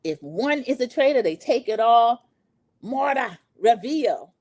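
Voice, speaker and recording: A woman's voice: on the high side, a little slow, no echo. Chatty woman recapping TV. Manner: chatty, animated, talks straight to listeners. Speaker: podcast host. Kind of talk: casual TV recap chat.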